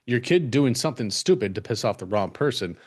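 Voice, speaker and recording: A man's voice: medium pitch, animated, fairly quick, breathy edge. A man co-hosting a podcast, talking in a laid-back, profane, easygoing way. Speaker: podcast co-host. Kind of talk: casual crude podcast banter.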